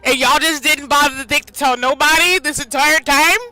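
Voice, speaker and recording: Woman streamer, high and piercingly bright, animated rants over game music. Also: normal speed, rough recording. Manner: animated, ranting, slips into yelling. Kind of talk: casual live reaction commentary. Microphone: headset or desk mic.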